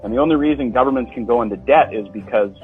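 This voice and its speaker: A man of middle pitch lectures on a podcast, stringing words together and firing off rhetorical questions. The audio is dull and lo-fi, with faint music underneath. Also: rapid-fire. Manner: lecturing, builds chains of wordplay with rhetorical questions. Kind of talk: podcast conversation.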